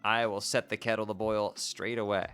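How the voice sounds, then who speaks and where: A man's voice: lowish voice, flat delivery, normal speed, fairly bright tone, clear, resonant tone, faint music behind, lightly acted. A man voicing a teenage girl who puts on a fussy, dainty French detective act, offering polite pleasantries. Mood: flattered. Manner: prim, fussy hostess pleasantries.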